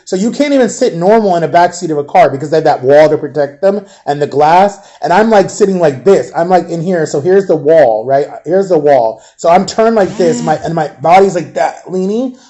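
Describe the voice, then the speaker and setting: Man, rambling storytime vlogger, mellow, a bit high-pitched. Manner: rambling, animated, acts out quoted voices. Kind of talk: casual storytime vlog.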